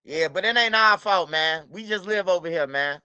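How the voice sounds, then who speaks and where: A man's voice: sits high, normal speed, bright, forceful tone, clean tone, no echo. A man hosting a livestream, talking loosely and profanely in repeated street slang, addressing his chat by name. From United States. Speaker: livestream host. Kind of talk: casual livestream talk.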